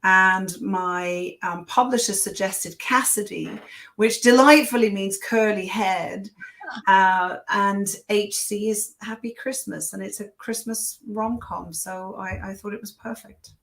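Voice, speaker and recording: A woman's voice: mid-range voice, steady tone, measured pace, fairly bright tone. A woman author answering interview questions in a thoughtful, conversational way, with frequent fillers and restarts.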